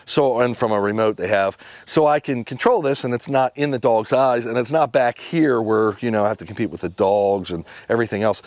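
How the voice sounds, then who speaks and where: A man's voice: mid-range voice, brisk, hardly any pauses, darkish tone, no echo. A man casually demonstrating and explaining his homemade dog sled vehicle in a workshop, in a rambling way with restarts and fillers. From USA.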